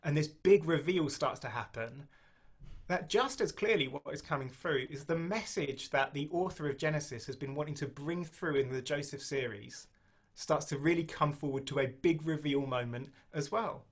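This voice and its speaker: A man delivers a sermon in a relaxed, conversational way, with a few restarts as he thinks aloud. His voice sits a little higher than most men's. When he reads scripture he slows down and leans on the key phrases. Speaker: preacher.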